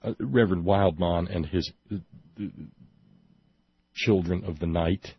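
Sarcastic low-voiced man, dull lo-fi sound. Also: measured pace, husky, dry recording. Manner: sarcastic, mocking, rising to indignant emphasis; hesitant restarts and fillers. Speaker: political commentary host. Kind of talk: sarcastic monologue reading from a report.

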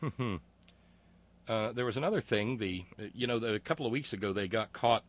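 Male talk host, somewhat low voice, mocking, profane, halting with fillers. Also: animated. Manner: halting, frequent filler words. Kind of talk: political commentary reading listener comments.

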